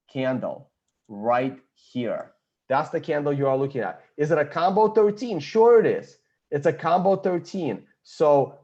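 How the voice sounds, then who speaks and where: A man's voice: on the high side, darkish tone, dull audio. A man giving blunt, confident market analysis, thinking aloud as he walks through a chart. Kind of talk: screen-share chart analysis.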